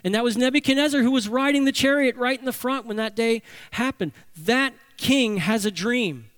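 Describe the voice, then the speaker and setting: A man's voice: extremely high pitch, normal speed, clear, resonant tone, dry recording. A man preaching a sermon as a pastor, delivering it animatedly. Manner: animated preaching, acting out voices for emphasis.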